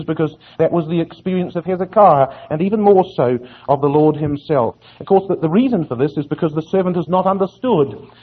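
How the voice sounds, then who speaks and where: A man's voice: fairly high pitch, breathy edge. A man preaching a sermon, expounding Bible verses earnestly and asking his listeners rhetorical questions. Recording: tinny phone-like audio.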